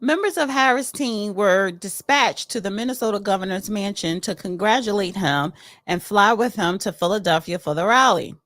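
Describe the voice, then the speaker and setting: A woman's voice: mid-range voice, moderate pace, a bit bright, no room sound, studio quality. A woman hosting a casual solo commentary. She chats and reads news articles aloud, adding opinionated asides. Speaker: political commentary host.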